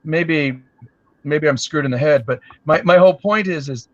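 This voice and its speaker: A man's voice: a little high, normal speed. A man talking emphatically on a casual live stream chat, swearing now and then. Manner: talkative, emphatic, occasional swearing. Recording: dull, dry lo-fi audio.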